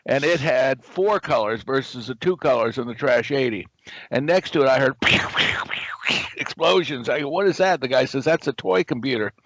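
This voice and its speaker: Older man, lively storyteller, dry close sound. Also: mid-range voice, dry recording, low-quality recording. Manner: animated storyteller who acts out quoted dialogue. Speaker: guest, game company founder. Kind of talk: anecdotal storytelling.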